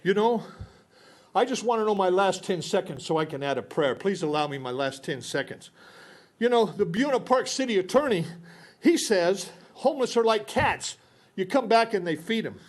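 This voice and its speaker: High-voiced, furious man at the podium, rambling and out of breath. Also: lively intonation, normal speed. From Newberry Springs, California. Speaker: public commenter. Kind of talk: public comment speech.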